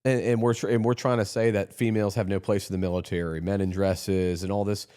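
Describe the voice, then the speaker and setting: A man's voice: lowish voice, fast, a little mellow, clean tone. A man hosting a podcast, talking in a rambling, heated political monologue with frequent restarts. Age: adult, runs his own company. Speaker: podcast host.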